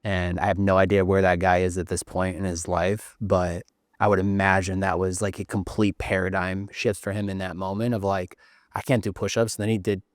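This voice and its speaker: A man's voice: low-pitched, level tone, fairly quick, no echo, studio quality. A man hosting an interview show who asks questions and encourages his guest in a casual way. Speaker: host.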